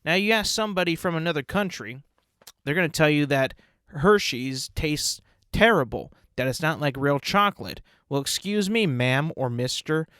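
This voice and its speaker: A man's voice: a little high, a bit bright, no room sound, studio quality. A man hosting a casual solo podcast, rambling playfully and savoring talk of food. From United States. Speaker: podcast host.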